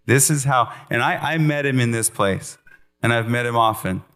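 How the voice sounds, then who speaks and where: Earnest man preaching a lively sermon. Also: mid-range voice, normal speed, smooth. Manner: earnest, animated preaching with playful asides.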